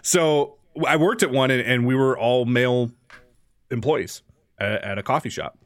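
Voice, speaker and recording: A man's voice: mid-range voice, normal speed, dry recording, studio quality. A man co-hosting a podcast, chatting casually in a laid-back way and laughing easily. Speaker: podcast co-host. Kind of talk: casual chat.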